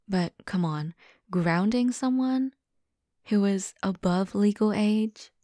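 A young woman in a whispered role-play, voicing an obsessive, devoted young lover in a soft, intimate half-whisper. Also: lowish voice, no echo, clean studio sound. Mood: teasing.

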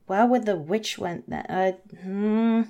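A woman's voice: mid-range voice, fairly bright tone. A woman casually reading a fairy tale aloud, sarcastic and hesitant, swearing and questioning the story's logic as she goes. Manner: hesitant, many fillers and restarts.

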